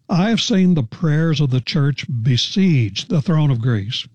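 A man teaching the Bible verse by verse on a radio program, earnest and deliberate, stressing key words. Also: on the high side, a little mellow, dry recording, lo-fi sound.

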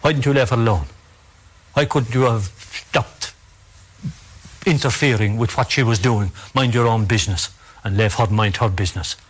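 A man with an Irish accent voicing a stern, quick-witted country mother who gives urgent, scolding orders. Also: medium pitch, husky, pitched below the performer's own voice, natural voice.

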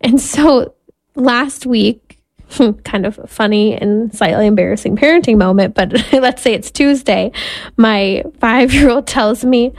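A woman's voice: on the high side, measured pace. A woman in her thirties, a Catholic mother, telling a candid personal story in an earnest way and laughing at herself now and then. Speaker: Catholic mother and podcast host.

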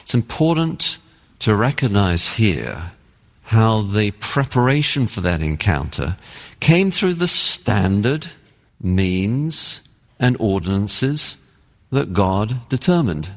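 A man's voice: fairly low pitch, big pitch swings, slow, long reverb tail. A man with an English accent, a pastor preaching an earnest, emphatic sermon. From England. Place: church sanctuary.

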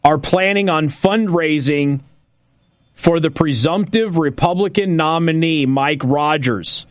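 A man hosting a political talk radio show, delivering an emphatic, sarcastic monologue and repeating points slowly for effect. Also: fairly high pitch, no echo, studio quality.

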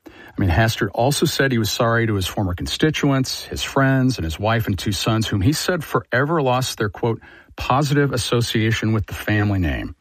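A man, a politics editor, recounting a story in a measured, conversational way in a radio news interview. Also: medium pitch, animated, dry recording.

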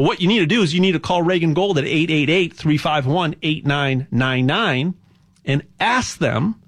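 A man hosting a show, talking in a rambling, impassioned monologue with a sales pitch and lots of stammered restarts. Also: fairly bright tone. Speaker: radio show host.

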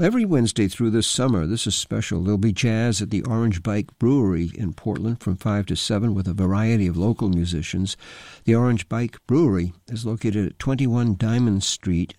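Low-voiced man reading a jazz calendar. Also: dark tone, no echo, studio quality. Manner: unhurried, slightly halting with small asides. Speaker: radio jazz calendar host.

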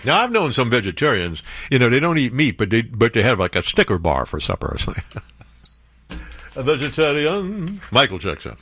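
Animated, joking radio host. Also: male voice, mid-range voice, a little fast, no room sound, clean studio sound. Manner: animated, joking, laughs easily. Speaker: radio talk show host. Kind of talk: casual talk radio. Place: radio studio. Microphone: studio mic.

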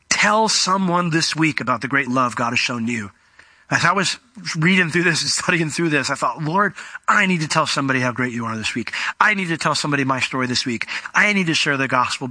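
A male pastor preaching a sermon, animated and emphatic, acting out exchanges with God before closing in prayer. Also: mid-range voice, no room sound.

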